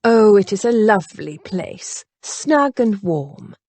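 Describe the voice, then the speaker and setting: A woman's voice: mid-range voice, very animated, slow pace, darkish tone, dry recording, full character voice. Woman doing a gushing, doting older mother. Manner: gushing, cheerful.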